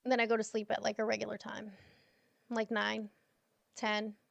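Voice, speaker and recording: A woman's voice: mid-range voice, completely flat delivery, normal speed, gravelly, dry recording. A tired woman in her thirties chatting casually to friends on a livestream, affectionate and swearing freely.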